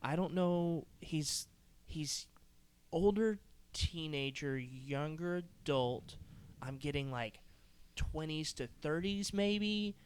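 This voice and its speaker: A man with a smooth, clear voice tells his story in a lively podcast chat. His pitch sits a little high and swings widely as he acts out what people said. He breaks into laughter often. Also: takes it slowly. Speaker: guest. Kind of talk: animated casual storytelling.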